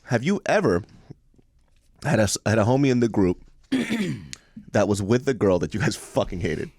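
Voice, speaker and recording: A man's voice: fairly low pitch, animated, normal speed, a little mellow, no room sound. Blunt, profane man on a podcast. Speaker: podcast co-host. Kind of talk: casual podcast chat.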